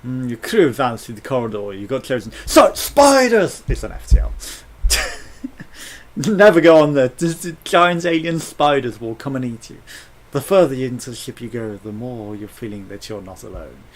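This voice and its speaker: A man's voice: medium pitch, moderate pace. A British man commentating a space game, reading its text aloud with jokes and swearing. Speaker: let's play host.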